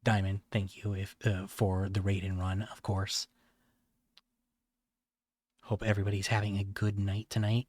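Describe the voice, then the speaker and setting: A man streaming a video game, talking in a laid-back, halting way with many fillers. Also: fairly low pitch, completely flat delivery, darkish tone, no room sound, clean studio sound. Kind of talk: casual gameplay commentary.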